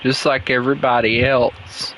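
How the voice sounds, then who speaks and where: A man's voice: medium pitch, flat delivery, normal speed, fairly bright tone, a little hiss or hum, poor audio. A young man casually chatting while streaming a game with viewers, joking and mocking himself, often breaking into laughs.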